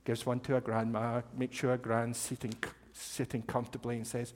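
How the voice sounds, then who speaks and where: A man's voice: mid-range voice, moderate pace, few pauses. Man telling children a story in a hall. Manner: warm, animated, talks directly to children. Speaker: children's story teller at a service. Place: church hall. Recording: long hall reverb.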